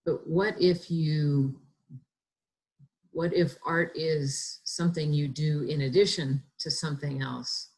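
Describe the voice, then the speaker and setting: A woman's voice: deep voice, steady tone, slow pace, darkish tone. A woman asking a question on a webinar call, hesitant and searching for her words. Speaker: webinar participant. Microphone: video call.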